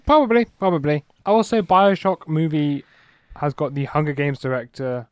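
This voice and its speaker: A man's voice: fairly high pitch, moderate pace, darkish tone, clean tone, no echo. A man co-hosting a podcast in casual chat, easygoing and teasing as he brings up news items. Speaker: podcast co-host.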